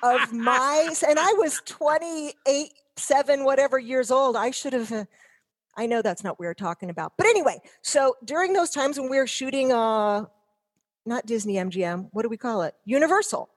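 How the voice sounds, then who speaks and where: A woman's voice: high-pitched, animated, normal speed. Rambling, self-mocking woman in her 50s. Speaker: guest. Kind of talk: casual chat.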